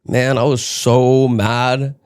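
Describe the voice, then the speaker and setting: A young man from New York delivering an animated comedic monologue that swings between deadpan musing and sudden outbursts. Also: medium pitch, slow, smooth. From United States, raised in New York. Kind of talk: stand-up style comedic monologue.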